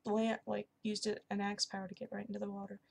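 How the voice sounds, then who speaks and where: A young woman chatting casually and excitedly while playing a video game. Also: mid-range voice, fast talker, creaky, slight background noise. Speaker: gaming YouTuber. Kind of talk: casual commentary over gameplay.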